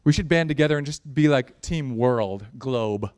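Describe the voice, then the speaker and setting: Smooth-voiced joking male preacher. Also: mid-range voice, normal speed. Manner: animated, jokey preaching with rising intensity. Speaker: pastor. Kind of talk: sermon.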